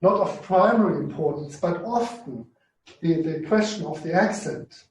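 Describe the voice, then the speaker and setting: Halting male lecturer in a roomy space. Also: on the high side, lively intonation, a little mellow, a little hiss or hum. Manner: halting, repeats words while explaining. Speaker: Greek lecturer. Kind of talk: university class discussion. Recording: roomy, distant mic.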